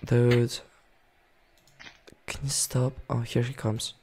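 A young man giving excitable casual commentary while playing a game, reading its text aloud and yelling at enemies. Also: medium pitch, slow, noisy background. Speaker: gaming YouTuber.

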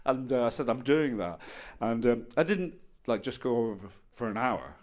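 A middle-aged man doing a stand-up set on stage, telling stories deadpan with bursts of loud exasperation. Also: medium pitch, moderate pace. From Ireland. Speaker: stand-up comedian. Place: comedy stage with audience.

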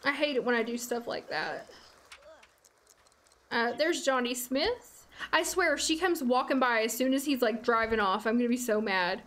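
A woman's voice: on the high side, moderate pace, fairly bright tone. A young adult woman chatting casually while streaming a game, laughing often and talking to the characters on screen. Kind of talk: casual gameplay livestream chat. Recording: faint music behind.

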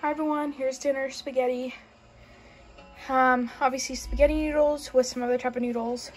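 High-voiced chatty young woman vlogger. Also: level tone, normal speed, faint music behind, rough recording. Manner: chatty and bubbly, heavy use of "like" and "um". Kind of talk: casual vlog chat.

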